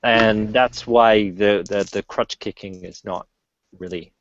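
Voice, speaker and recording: A man's voice: on the low side, fairly even intonation, takes it slowly, fairly bright tone, muffled recording. A man taking part in a casual podcast, thoughtfully explaining his view at length. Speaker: podcast guest.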